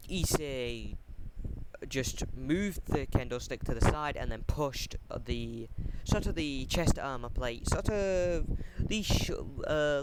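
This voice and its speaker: A man casually retelling a fan story, hesitant and full of ums and restarts, talking into a computer mic on a voice chat. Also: medium pitch. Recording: noisy home mic recording.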